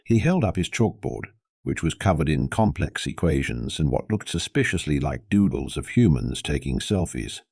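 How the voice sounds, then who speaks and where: A man narrating a scripted science fiction story in a steady, measured reading. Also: a bass voice, vocal fry, dry recording, clean studio sound.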